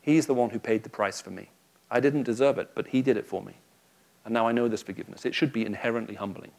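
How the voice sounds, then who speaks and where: A man's voice: mid-range voice, quick pace, gravelly. A man giving a public Christian talk to a live audience, telling stories with humor. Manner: lively storytelling with humor. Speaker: Christian speaker addressing an audience.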